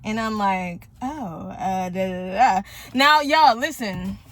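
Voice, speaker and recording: A woman's voice: medium pitch, animated, slow pace, fairly bright tone. A woman in her thirties chatting to her viewers from a parked car, rambling through a story and often addressing them directly. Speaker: vlogger, single mom. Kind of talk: casual chat to viewers.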